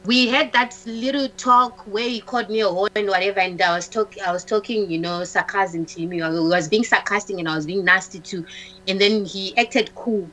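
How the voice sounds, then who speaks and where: A woman, a talk-show guest, telling a personal story in a halting way, restarting often, repeating words and acting out what others said. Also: mid-range voice, fairly bright tone, low-quality recording. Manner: acts out the dialogue of others in her story.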